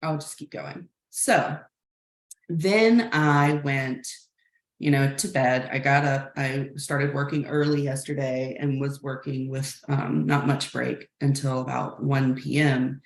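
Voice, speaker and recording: A woman in her thirties or forties shares a frank, reflective story with a class, her low voice carrying a gravelly edge. She speaks slowly and thoughtfully. The recording has a roomy echo. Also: fairly even intonation. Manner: reflective, frank, many "like" fillers. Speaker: communication workshop facilitator. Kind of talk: candid personal story told to a class.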